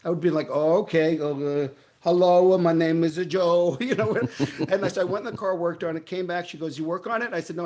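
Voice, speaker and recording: A middle-aged man with a New York accent, telling stories in an interview and acting out his own past dialogue with lively energy. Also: on the high side. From Brooklyn, New York. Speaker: guest. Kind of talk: storytelling in a casual interview.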